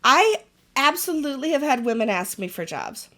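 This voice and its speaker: A woman's voice: high-pitched, sing-song, moderate pace, pushed and bright. A woman co-hosting a podcast, telling a frank, wry story in casual chat and acting out the messages she quotes. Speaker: podcast co-host.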